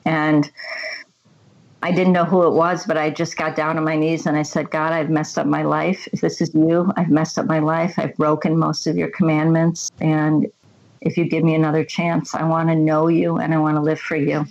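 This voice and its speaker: A woman's voice: low voice, flat delivery, normal speed, darkish tone, muffled recording. A middle-aged woman giving an earnest, reflective personal testimony as an interview guest.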